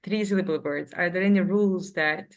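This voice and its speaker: A woman's voice: lowish voice, a little fast. A woman co-hosting a language podcast, asking curious questions in a chatty way. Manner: curious, asks questions, uses "like" often. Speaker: podcast co-host. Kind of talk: casual educational chat.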